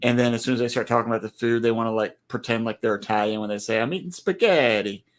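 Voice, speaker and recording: A man's voice: medium pitch, fast. Joking Southern man on a video call. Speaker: co-host. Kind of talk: casual chat.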